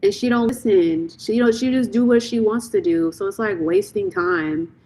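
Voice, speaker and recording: A woman's voice: medium pitch, normal speed, mellow, breathy edge, low-quality recording. A young woman reading tarot on a live stream, talking casually and bluntly, repeating phrases as she vents to a viewer.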